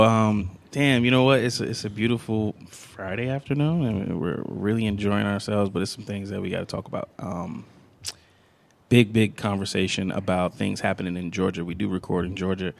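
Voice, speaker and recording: A man's voice: low voice, steady tone, moderate pace, vocal fry. A man hosting a casual podcast, talking in a loose, laid-back way as he welcomes listeners and introduces his guests. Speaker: podcast host.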